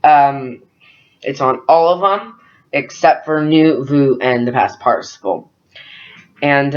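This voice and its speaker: A young man tutoring French verbs in a loose, chatty way, filling pauses with ums and uhs. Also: fairly high pitch. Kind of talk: casual screen-recorded lesson. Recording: dull lo-fi screen recording.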